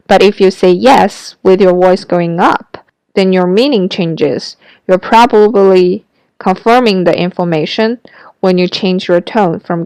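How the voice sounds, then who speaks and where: Clear-voiced woman teaching pronunciation. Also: medium pitch, a little mellow, no room sound, low-quality recording. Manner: clear, careful demonstration of sounds. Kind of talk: scripted language lesson.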